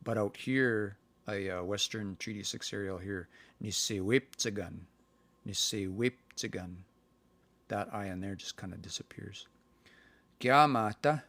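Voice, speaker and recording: A man, teaching language in a relaxed, hesitant way with many fillers on a livestream. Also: lowish voice, no room sound.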